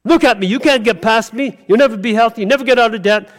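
A man's voice: very high-pitched, quick pace. A man voicing a mountain that talks back and taunts a listener, saying they will never get past it. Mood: taunting. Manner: mocking, discouraging.

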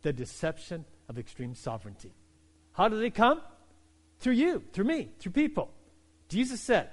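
Pastor, male, middle-aged, high voice; fervent sermon delivery, calm then loud. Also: moderate pace. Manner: builds from calm teaching to loud, fervent preaching.

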